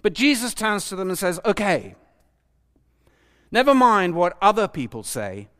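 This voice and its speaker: A man preaches with a lively, swooping delivery and a voice pitched a little high. He puts questions to the congregation and acts out the voices of the people he quotes. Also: a little slow. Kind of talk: sermon.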